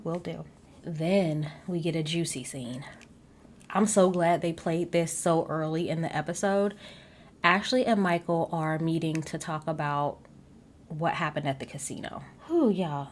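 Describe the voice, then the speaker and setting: A woman casually recapping a reality show episode, sassy and animated, with asides straight to her viewers. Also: fairly low pitch, slight background noise. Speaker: recap vlogger.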